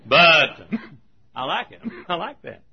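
Folksy male preacher, gravelly and husky, joking sermon, dull lo-fi recording. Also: a little high, very animated, takes it slowly. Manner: folksy, humorous, self-mocking storytelling.

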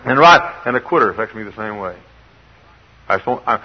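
An older man preaching a sermon, swinging from quiet asides to shouted exhortation, on an old recording. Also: fairly low pitch, expressive, fairly quick, pauses often, breathy edge, lo-fi sound. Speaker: pastor.

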